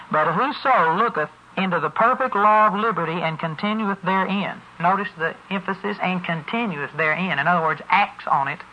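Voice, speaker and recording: A man's voice: high-pitched, sharp tone, a little hiss or hum. A man preaching a sermon in a folksy, storytelling way. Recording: muffled lo-fi recording.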